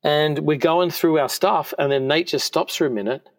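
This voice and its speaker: A man's voice: a little high, normal speed. A man in his forties, a podcast guest, talking in an earnest, heartfelt way. He tells personal stories conversationally, often restarting his sentences. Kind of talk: conversational storytelling. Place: podcast studio.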